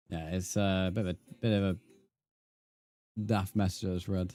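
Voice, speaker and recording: This young British gamer has a deep voice, speaks at a normal speed, and pauses often. Streaming live, he chats easily, reads his chat out loud, and answers viewers, dropping "mate" as he goes.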